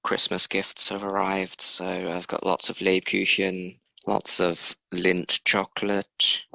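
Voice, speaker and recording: A man's voice: low voice, monotone, slow pace, creaky, pushed and bright, dry recording, lo-fi sound. A man co-hosting a podcast in casual chat, with a dry teasing humor. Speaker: podcast co-host.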